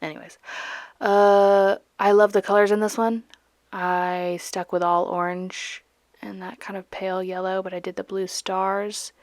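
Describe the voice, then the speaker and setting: A woman's voice: medium pitch, level tone, unhurried, no room sound. A young woman from Georgia with a light Southern accent, chatting playfully in a voiceover while painting, sometimes dropping into a whisper. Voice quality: playful, goofy, self-mocking. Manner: drops to whispers at times. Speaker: art channel host.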